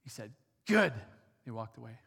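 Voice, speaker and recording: A man's voice: medium pitch, moderate pace, gravelly, slightly rough. A man preaching a sermon, telling a personal story in a casual, conversational way with fillers. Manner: conversational, with fillers and animated retelling. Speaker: pastor. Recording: long hall reverb.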